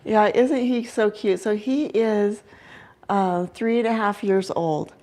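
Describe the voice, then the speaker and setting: A woman's voice: medium pitch, slow pace, darkish tone. A young woman chatting casually on her livestream about her pet owl, with giggles and lots of "like" fillers. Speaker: owl keeper and channel host.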